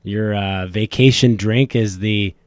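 A man's voice: lowish voice, fairly even intonation, slow, no room sound, studio quality. A man co-hosting a casual hockey podcast, chatty and loose, swearing now and then. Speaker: podcast co-host. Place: small studio at a bar.

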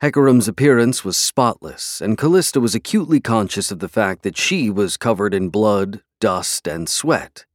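A man reading scripted narration for an audiobook in a measured, even way. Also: on the low side, no room sound, studio quality.

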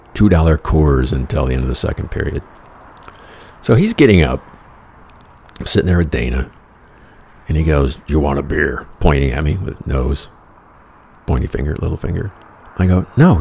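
A man's voice: extremely low pitch, creaky, darkish tone, slight background noise. A man telling a casual anecdote in a wry, exasperated, profane way. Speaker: storyteller.

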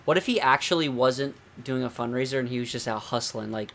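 A man's voice: mid-range voice, brisk, gravelly, fairly bright tone, a little hiss or hum. A man on a podcast, dropping wry, joking asides in casual banter.

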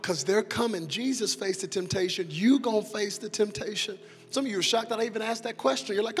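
A young male pastor preaching a sermon, moving between quiet talk and shouted, rousing calls to the congregation. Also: high-pitched, brisk. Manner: call-and-response preaching, swings from soft talk to shouted climaxes. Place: large church sanctuary. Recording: long hall reverb with organ music behind.

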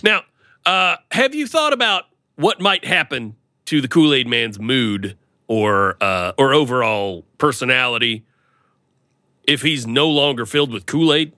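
A man's voice: medium pitch, expressive, a little slow, pushed and bright, dry recording, studio quality. A man co-hosting a podcast, chatting casually and playfully, often slipping into silly voices for a bit. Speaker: podcast co-host. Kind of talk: casual comedic chat.

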